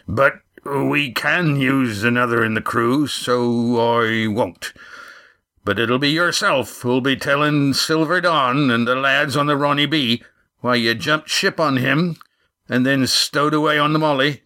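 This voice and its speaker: A man reading a storybook, voicing a gruff, booming middle-aged boat skipper who barks his demands. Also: a little slow, bright, forceful tone. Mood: slow, decided.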